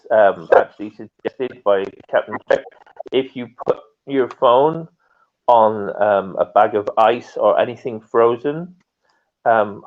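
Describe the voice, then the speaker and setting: A man's voice: lowish voice, phone-quality sound. A man hosting a live online chat show, talking casually and laughing often.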